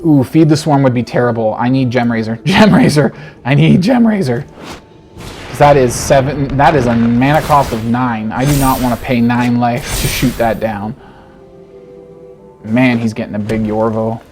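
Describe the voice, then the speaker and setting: A man giving casual, animated commentary on his own card game, talking to himself and joking through his frustration. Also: medium pitch, moderate pace, soft background music. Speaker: game streamer. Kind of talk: gameplay commentary.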